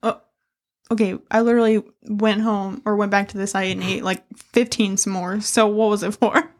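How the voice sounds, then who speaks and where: A woman's voice: medium pitch, steady tone, moderate pace. A woman, co-hosting a podcast and telling a story with lots of laughing and swearing. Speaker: podcast co-host. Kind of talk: casual chat.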